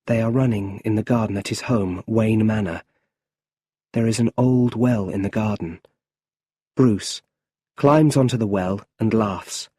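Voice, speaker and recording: A man reading a simple storybook aloud for English learners in a slow, deliberate way. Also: fairly low pitch, warm tone, husky, no room sound. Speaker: audiobook narrator.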